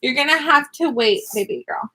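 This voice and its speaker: A woman's voice: sits high, expressive, moderate pace, background noise. A young woman, a mother and online teacher, filming a casual home vlog in her home classroom, coaxing and firm with her small children. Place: home classroom room indoors.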